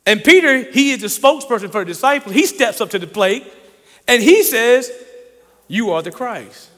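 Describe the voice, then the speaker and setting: A man's voice: very high voice, lively intonation, fairly quick, bright, forceful tone. A man preaching a sermon in a conversational, folksy, playful storytelling way. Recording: long hall reverb.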